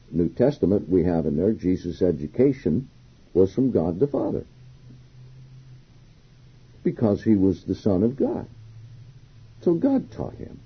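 A man's voice: sits low, dull audio. A man preaching a sermon, reading scripture verses aloud and explaining them, lifting his voice emphatically on the quotes. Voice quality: very husky. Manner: reads scripture aloud then comments, rising emphatically on quotes. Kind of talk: sermon, Bible exposition.

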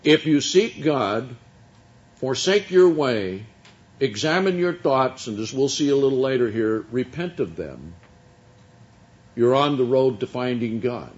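A man preaching a sermon, teaching from scripture in a slow, deliberate way with drawn-out emphasis. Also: mid-range voice, expressive, muffled recording.

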